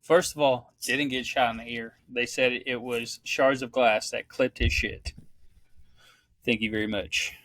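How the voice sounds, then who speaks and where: A man's voice: mid-range voice, level tone, unhurried, fairly bright tone, no room sound, low-quality recording. A man guesting on a comedy podcast, blunt and profane, often talking over the host. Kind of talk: casual comedy podcast chat.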